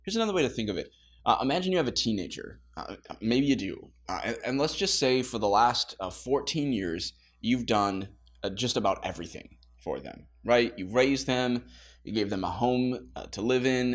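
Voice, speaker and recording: Lively, casual man teaching Bible study. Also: mid-range voice. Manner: casual, with laughing asides and acted-out quotes. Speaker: pastor.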